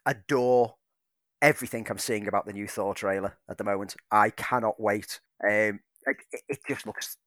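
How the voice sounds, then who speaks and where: A man's voice: on the low side, normal speed, fairly bright tone, dry recording, clean studio sound. Eager man hosting a film podcast. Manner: eager, enthusiastic. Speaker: podcast co-host. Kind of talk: casual film chat.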